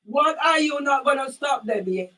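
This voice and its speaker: A woman's voice: high-pitched, expressive, normal speed, pushed and bright, distant mic, poor audio. Questioning woman, heard from off the mic. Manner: questioning, repeats herself, asks for things to be repeated. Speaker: channel owner. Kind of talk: recorded doorstep argument.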